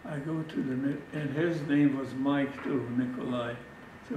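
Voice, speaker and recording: An older man, giving oral history testimony and telling his memories with animated energy, acting out the people in his story and often restarting his sentences. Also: mid-range voice. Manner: animated storytelling, acting out quoted exchanges in a raised voice, halting restarts. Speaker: interviewee recounting wartime memories. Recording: echoey room, distant mic, background noise.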